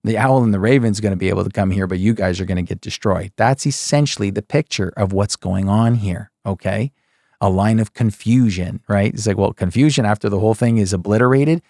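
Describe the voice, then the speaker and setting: A man with a fairly low, dark voice teaches the Bible in a loose, folksy way, talking fairly quickly and mocking his own point with tongue-in-cheek rhetorical questions. He keeps saying "okay?" and "folks," and the recording is dry and close with no echo.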